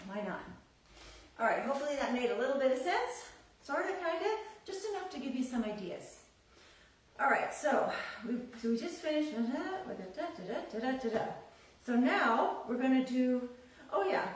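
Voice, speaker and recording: Woman dance teacher, slightly high voice, sing-song counting, heard far off in a very echoey room. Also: a little hiss or hum. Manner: counts beats aloud in a sing-song rhythm; chatty, encouraging explanations. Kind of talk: live online dance class instruction.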